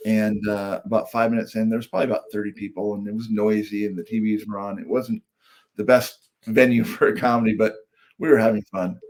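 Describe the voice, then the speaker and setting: A man's voice: on the low side, darkish tone. A middle-aged man, a comedian and speaker, telling an earnest personal story as a guest on a podcast.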